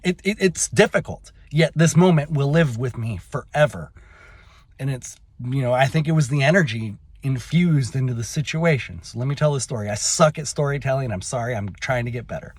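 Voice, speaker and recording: A young adult man telling a personal story in a halting, emotional way, with many fillers and restarts. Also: medium pitch, animated, husky, no room sound. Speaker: vlogger.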